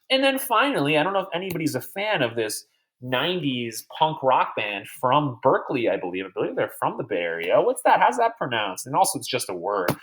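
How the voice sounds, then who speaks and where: A man's voice: fairly high pitch, fairly bright tone. A man teaching a recorded math lecture over slides, chatty and digressive, quizzing imaginary students as if they were in class.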